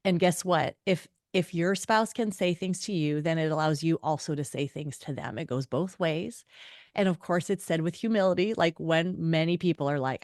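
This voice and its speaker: A middle-aged woman author, a guest on a podcast, chatting and telling lively stories, acting out the voices of people she quotes. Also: fairly low pitch, normal speed, no echo, studio quality. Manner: animated storyteller, acts out quoted voices. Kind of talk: conversational interview.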